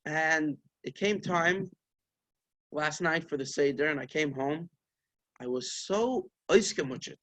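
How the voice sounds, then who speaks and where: A man, a rabbi, giving a sermon as an animated storyteller who acts out the figures of the story with Yiddish-flavored phrasing. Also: fairly high pitch.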